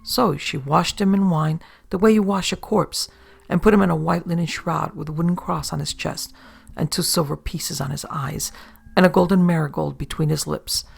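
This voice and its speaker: A woman's voice: deep voice, fairly even intonation, normal speed, creaky, husky. A woman narrating a horror tale of the sea in a folksy sailor-yarn manner. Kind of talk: horror story reading.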